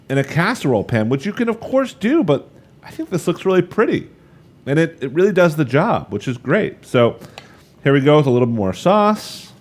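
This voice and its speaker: Chatty man teaching a live cooking class. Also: fairly high pitch. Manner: upbeat, chatty, addresses viewers directly. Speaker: cooking instructor.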